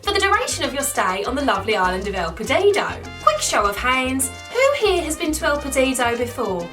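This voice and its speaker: Woman doing a gushing, over-excited holiday rep. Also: sits high, a little fast, recorded from a distance, over music, voice pushed up. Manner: gushing, forced cheer covering bad news.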